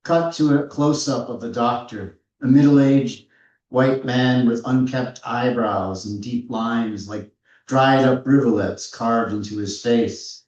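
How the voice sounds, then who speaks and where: A man in his fifties, an author giving a measured, reflective reading from his memoir at a live authors' event. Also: medium pitch, darkish tone. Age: 50s. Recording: roomy, distant, dull-sounding hall recording.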